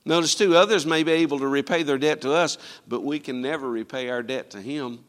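A man's voice: mid-range voice, a little fast. A man preaching a sermon emphatically, calling out to his congregation for responses. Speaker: pastor.

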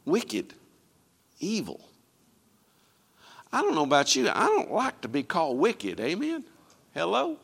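A man's voice: on the high side, fairly bright tone. A man preaching a sermon emphatically, calling out to his congregation for responses. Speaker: pastor.

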